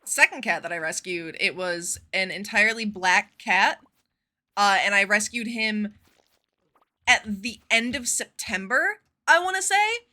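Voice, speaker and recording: A woman streamer chatting casually with her viewers, telling stories in an expressive, profane way. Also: medium pitch, unhurried. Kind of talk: casual live-stream chat.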